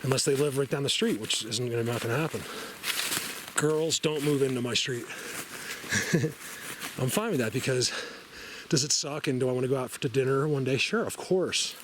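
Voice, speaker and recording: Excitable man rambling outdoors. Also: medium pitch, normal speed, noisy background. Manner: rambling, excitable, laughs often. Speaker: vlogger. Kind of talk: casual talk to camera. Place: outdoors in a forest.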